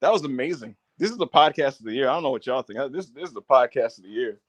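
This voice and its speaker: A man's voice: medium pitch, lively intonation, fast talker, no echo, dull audio. Guy cohosting a wrestling pod, slangy and laughing a lot, dry close sound. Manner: laughs often, loose slangy banter. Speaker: podcast co-host. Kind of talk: casual wrestling review chat.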